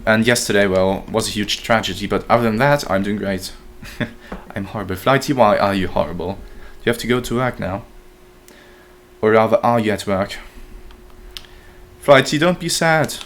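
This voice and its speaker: A young man commentating his own gameplay live, excitable and profane, talking to his chat as he plays. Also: on the low side, moderate pace, a little hiss or hum. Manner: excitable, profane, talks to chat while playing. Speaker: streamer.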